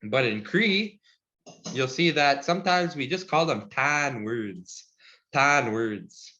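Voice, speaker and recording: A man teaching a language lesson over a video call, relaxed and encouraging, laughing often. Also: mid-range voice, slow pace, muffled recording.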